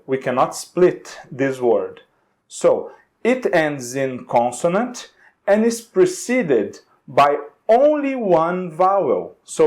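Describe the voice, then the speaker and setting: A man with a Brazilian Portuguese accent teaching an English grammar lesson, explaining slowly and carefully, spelling out examples and checking in with "okay?". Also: a little high, a little mellow. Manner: slow and deliberate, stressing example words, frequent "okay?". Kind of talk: recorded video grammar lesson.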